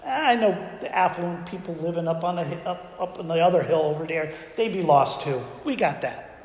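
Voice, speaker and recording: High-voiced preacher in an echoey hall. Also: male voice, animated, moderate pace. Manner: conversational, asks the congregation frequent rhetorical questions. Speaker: pastor. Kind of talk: sermon. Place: church sanctuary. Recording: echoey church hall with long reverb.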